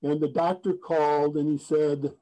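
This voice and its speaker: A man's voice: a little high, steady tone, normal speed, dark tone, low-quality recording. A man giving an earnest personal testimony at a recovery meeting, speaking plainly with frequent restarts and a folksy joke. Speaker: speaker sharing his story at a recovery meeting.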